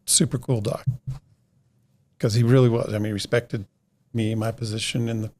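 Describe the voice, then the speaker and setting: A middle-aged man with a mid-range, slightly mellow voice talks at a moderate pace in a level tone. He's a podcast guest in casual conversation, rambling through a long story and re-enacting what everyone said by quoting them.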